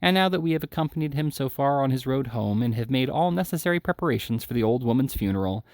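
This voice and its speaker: Guy reading an old novel out loud, gravelly voice, dry close sound. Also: medium pitch, animated, fast, no echo. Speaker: reader. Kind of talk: audiobook narration of a classic novel.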